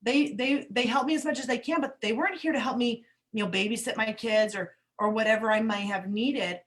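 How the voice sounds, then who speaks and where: A woman's voice: fairly high pitch, fairly quick, fairly bright tone. A woman hosting an interview and telling a candid, emotional story from her own life as a single mother. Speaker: host. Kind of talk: casual interview conversation.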